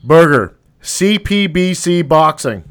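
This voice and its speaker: A man's voice: fairly high pitch, expressive, takes it slowly, fairly bright tone, clear, resonant tone. Man calling out brief topic prompts. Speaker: podcast co-host.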